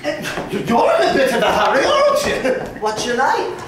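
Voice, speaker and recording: A man doing a cocky lad, high and lively. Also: normal speed, heavily acted. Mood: cheeky. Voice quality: cheeky, boastful, lots of laughing. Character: brash young working-class London man. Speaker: stage actor. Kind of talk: live musical theatre acting. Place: theatre stage. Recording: echoey theatre stage from far off, with band music.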